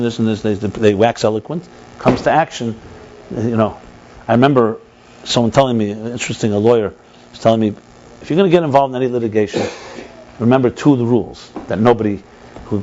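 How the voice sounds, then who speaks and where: A man teaching a text study class as a rabbi, animated, repeating and restarting words and mixing Hebrew terms into his explanations. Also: mid-range voice, lo-fi sound.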